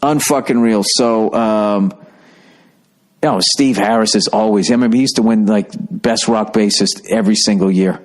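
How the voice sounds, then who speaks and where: A man's voice: lowish voice, moderate pace. Profane rambling middle-aged man. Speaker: podcast host. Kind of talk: casual podcast monologue.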